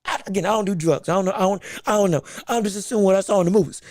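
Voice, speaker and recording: A man hosting a boxing podcast, chatting casually with his audience in an excitable, animated way, laughing often and repeating himself as he talks. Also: high-pitched, very fast, dry recording. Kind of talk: casual live-stream chat.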